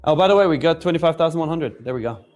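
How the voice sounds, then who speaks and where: A man's voice: a little high, expressive, very fast, a little mellow, faint music behind. A man co-hosting a live trading stream, reacting briefly and talking upbeat to the chat. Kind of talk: casual chat with viewers.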